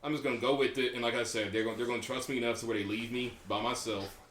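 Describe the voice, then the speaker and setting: A man's voice: medium pitch, steady tone, very fast, fairly bright tone, reverberant, slight background noise. A young man co-hosting a podcast, chatting casually, swearing and joking with friends. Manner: laughing, swearing, jokey storytelling. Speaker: podcast co-host. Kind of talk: casual chat.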